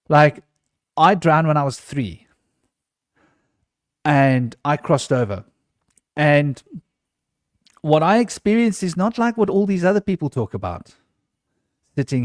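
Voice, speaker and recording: A man's voice: mid-range voice, a little mellow, no room sound, clean studio sound. A man in an unscripted podcast conversation, telling a personal story earnestly and often restarting his sentences.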